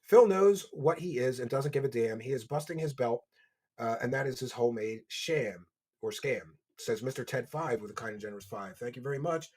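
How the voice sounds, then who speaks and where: A man with a Philadelphia accent hosting a livestream, reading donations and mocking his subject with loud bursts. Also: medium pitch, expressive, a little fast, slightly rough. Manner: mocking, loud bursts, reads chat aloud. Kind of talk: casual livestream commentary. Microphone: desk microphone.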